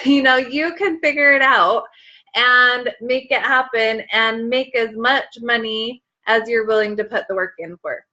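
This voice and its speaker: A woman's voice: on the high side, a little slow, sharp tone, highs cut off. A woman in her thirties leading a motivational team call, chatty and emotional, with lots of fillers. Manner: emotional, tearful at times, chatty with many fillers. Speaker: team leader on a sales call.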